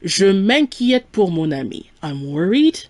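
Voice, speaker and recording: A woman teaches a live-streamed French lesson with a patient, clear delivery. Her pitch sits in an ordinary middle range, and she slows down deliberately to pronounce example words. The recording is dry and close, with no room sound. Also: big pitch swings, darkish tone, no room sound.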